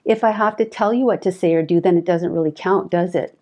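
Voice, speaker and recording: A woman voicing a sulky, blaming wife in quick, cutting sarcasm. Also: fairly low pitch, a little mellow, lightly acted. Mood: scornful.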